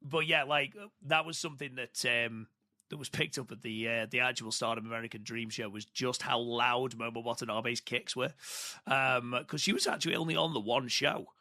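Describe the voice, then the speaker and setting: A man's voice: medium pitch, fairly even intonation, moderate pace, sharp tone, no echo, studio quality. A man co-hosting a podcast, chatting casually and enthusiastically. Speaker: podcast co-host.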